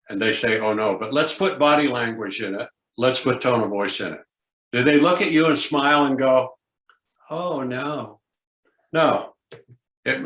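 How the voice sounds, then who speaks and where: Older man telling classroom stories, roomy. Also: medium pitch. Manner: lively storyteller, acts out students' lines. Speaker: former teacher and speaker. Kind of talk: conference breakout talk with classroom stories. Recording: echoey room.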